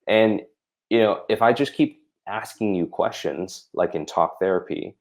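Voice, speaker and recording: A man's voice: lowish voice, unhurried. A man working as a holistic practitioner, explaining his practice in conversation and acting out exchanges between himself and a patient, with many fillers.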